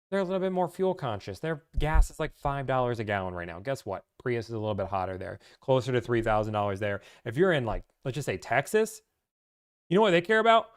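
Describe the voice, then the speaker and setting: A man giving car-buying advice on a live stream, chatty and animated, cracking jokes as he talks. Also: medium pitch. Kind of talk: casual live-stream talk.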